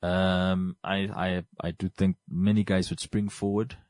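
Man, podcast host, low voice, dry sound, casual book talk, rambling. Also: flat delivery, unhurried, a little mellow, no room sound. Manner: rambling, often restarts and repeats words. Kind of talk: casual talk about books.

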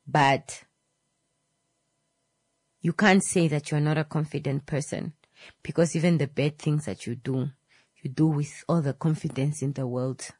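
Low-pitched female radio host, earnest and lecturing, dry close mic. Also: darkish tone, no room sound. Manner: earnest, lecturing, rhetorical questions. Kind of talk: motivational radio talk.

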